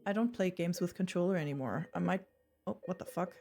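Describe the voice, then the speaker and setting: A young woman streamer chatting casually and excitedly while she plays a game, swearing freely. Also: on the low side, fairly quick, vocal fry, faint music behind. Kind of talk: casual live-stream chat while gaming.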